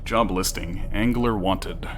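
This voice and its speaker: A man's voice: sits low, slow pace, faint music behind. A man streaming a game, chatting casually with wry asides.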